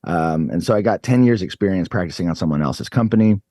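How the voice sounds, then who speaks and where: A man in his thirties telling a story on a podcast, animated and swearing freely. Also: deep voice, quick pace, no room sound. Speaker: podcast guest. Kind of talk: casual storytelling.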